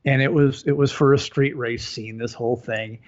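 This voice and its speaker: A man's voice: medium pitch, fairly even intonation, normal speed, highs cut off. A man co-hosting a podcast in casual chat, a rambling storyteller who laughs often. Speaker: podcast co-host.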